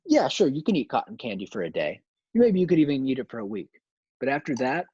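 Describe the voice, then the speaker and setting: A man hosting a livestream Q&A, answering questions with deadpan absurd humor. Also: medium pitch, breathy edge, no room sound, highs cut off. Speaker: host. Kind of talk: livestream Q&A chat.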